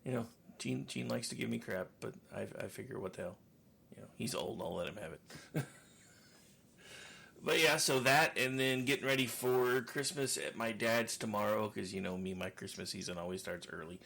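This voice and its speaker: A man's voice: fairly low pitch, normal speed, vocal fry, a bit bright. A man co-hosting a casual podcast chat, rambling and joking, laughing often. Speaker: co-host.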